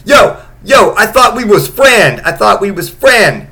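A man voicing a furious young man who yells in slang at a former friend. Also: high voice, sing-song, unhurried, vocal fry, pitched above the performer's own voice, exaggerated voice. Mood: angry yelling. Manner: shouting, indignant, slangy.

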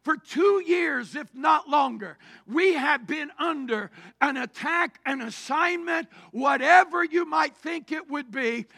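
High-voiced, gravelly, shouting preacher man. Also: expressive, takes it slowly. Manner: preaching cadence, rising to shouts. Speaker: pastor. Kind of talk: sermon.

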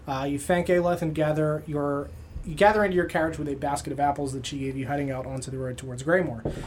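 A man's voice: on the high side, steady tone, fast talker, slight background noise. A man acting as game master, recapping the last session casually with many filler sounds.

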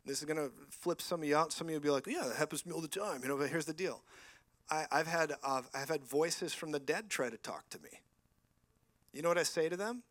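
Animated high-voiced male preacher. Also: fast, dry recording. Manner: animated, jokey, acts out voices in stories. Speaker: guest preacher. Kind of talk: lively sermon with storytelling. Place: church.

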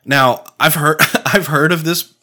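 Man, casual podcast chat, swears a lot, laughs, bright tone. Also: fairly high pitch, unhurried. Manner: swearing, laughing, rambling with fillers. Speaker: podcast co-host.

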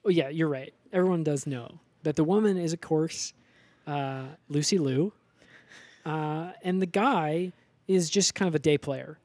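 A man co-hosting a comedy podcast, recapping a show in a deadpan, rambling way full of fillers. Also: on the high side, a little slow, no echo. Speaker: podcast co-host. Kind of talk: comedic episode recap chat.

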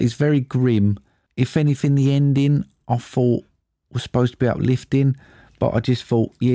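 Man, film podcast co-host, mellow tone, dry jokey delivery, close dry mic. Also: mid-range voice, no echo. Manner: dry, jokey, uses "mate" often. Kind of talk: casual chat.

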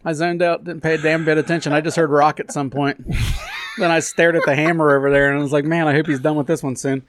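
A man's voice: fairly high pitch, level tone, quick pace, slight background noise. A man on a casual podcast, teasing the others and laughing often. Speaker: podcast co-host.

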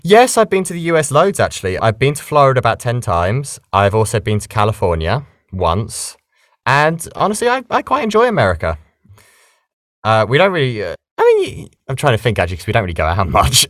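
A British man, a voice actor, chatting casually in an interview and explaining things in a lively, animated way. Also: mid-range voice, brisk, no echo, studio quality. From Britain. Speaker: voice actor guest.

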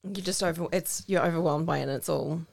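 A woman's voice: low voice, fast talker, creaky, a little mellow. A woman co-hosting a casual podcast, recounting a film's plot with chatty asides. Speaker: podcast co-host. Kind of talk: casual film discussion.

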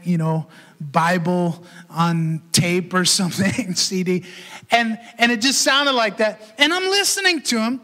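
A male pastor delivers a storytelling sermon with a high-pitched, bright, forward voice. He is animated and acts out the voices in his story. The sound rings with the long reverb of a large hall. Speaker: pastor and podcast host.

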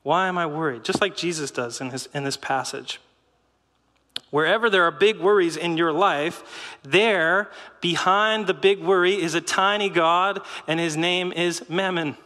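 A middle-aged man giving a sermon in a lively, conversational way, with rhetorical questions and short laughs. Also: a little high, a little slow, in a large hall. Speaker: pastor.

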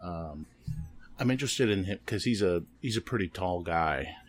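A man talking casually on a podcast, halting and full of ums and restarts. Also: low-pitched, animated, soft background music. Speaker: podcast guest.

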